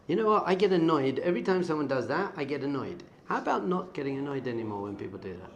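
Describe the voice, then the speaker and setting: With a fairly high voice, fast delivery, and few pauses, a middle-aged rabbi leads a lively Torah class for yeshiva students. He shifts from loud emphasis to quiet asides and mixes Hebrew terms into his talk.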